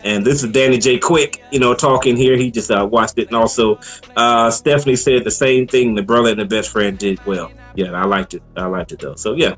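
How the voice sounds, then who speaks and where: A man co-hosting a casual movie review chat, relaxed and laughing often as he acts out lines from the film. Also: mid-range voice, brisk, faint music behind.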